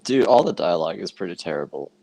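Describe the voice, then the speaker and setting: A man's voice: low voice, sing-song, fast talker, vocal fry, dark tone. A man from Canada co-hosting a stream, chatting casually and joking crudely. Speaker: streamer co-host. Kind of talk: casual chat.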